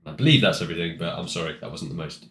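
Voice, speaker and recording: A man's voice: low-pitched, rapid-fire, a bit bright, roomy sound. A man casually recapping a tabletop game session, with many ums and restarts. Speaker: player.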